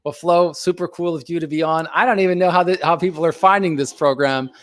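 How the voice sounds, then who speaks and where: Talking fast in a slightly high, steady voice, a middle-aged host from the United States reads out viewer comments on a casual live stream. He is earnest and thoughtful, using lots of fillers and restarts, and the audio has no echo.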